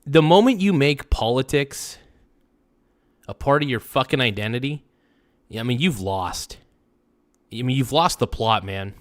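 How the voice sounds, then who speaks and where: A worked-up man on a live stream, cursing and circling back over the same grievances. His voice sits at an ordinary middle pitch, dropping to low mutters before it jumps into sharp bursts. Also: expressive, unhurried, long pauses. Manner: heated, profane, repeats himself, swings between muttering and outbursts. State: upset. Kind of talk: angry live-stream rant.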